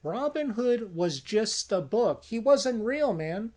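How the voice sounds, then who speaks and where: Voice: mid-range voice, animated, slow pace, darkish tone, voice pushed up. A storyteller voicing an easygoing adult brother who talks in a matter-of-fact way. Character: laid-back brother, adult man. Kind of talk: casual spoken movie pitch.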